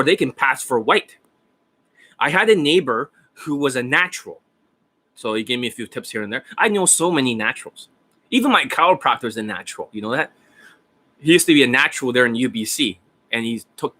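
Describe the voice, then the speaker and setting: A man's voice: medium pitch, expressive, brisk, bright, forceful tone, husky. A man who is a dating coach, talking in a rambling, profane, casual way and laughing often. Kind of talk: casual rambling livestream talk.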